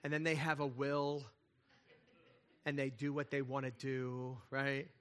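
A man preaching a sermon as pastor, conversational and animated, with playful asides and frequent check-ins with the congregation. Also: medium pitch, measured pace, smooth.

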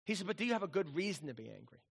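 A middle-aged man preaching a sermon as a pastor, conversational and animated, often acting out quoted voices. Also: sits high, rapid-fire, gravelly, breathy edge.

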